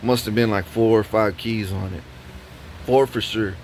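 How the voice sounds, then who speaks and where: A man's voice: lowish voice, steady tone, normal speed, a little mellow, a little hiss or hum. A man vlogging a profane, rambling story, full of restarts and repeated words. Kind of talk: ranting story vlog.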